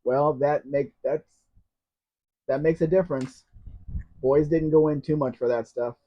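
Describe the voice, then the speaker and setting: A man's voice: a little high, steady tone, unhurried. A man hosts a live question-and-answer stream, reading viewers' comments aloud and answering them. He talks in a chatty way and slips in dry jokes. The audio is dull and lo-fi, like a basic stream setup. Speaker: host.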